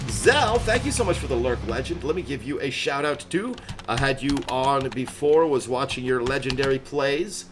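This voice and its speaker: A man's voice: mid-range voice, expressive, normal speed, hardly any pauses. A man chatting casually on a live game stream, upbeat and rambling, laughing often. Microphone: headset. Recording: background music playing loudly. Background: music.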